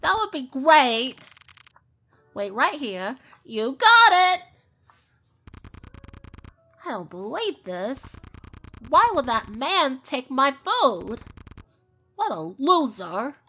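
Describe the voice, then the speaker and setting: A woman's voice: high voice, big pitch swings, slow pace, pauses often, sharp tone. A woman giving goofy, self-mocking gameplay commentary, chatting playfully as she plays. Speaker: gaming YouTuber.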